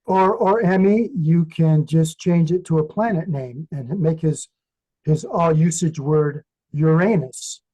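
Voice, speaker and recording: Wisecracking club coach, mid pitch, light joking tone. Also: measured pace, mellow, low-quality recording. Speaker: humor coach. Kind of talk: joking suggestion.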